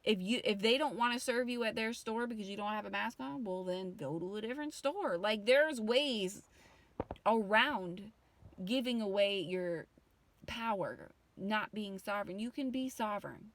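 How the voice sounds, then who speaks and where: A woman's voice: medium pitch, expressive, normal speed. A woman in her thirties ranting casually to her viewers, rambling and emotional, with frequent swearing. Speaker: vlogger. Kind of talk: casual rant to camera.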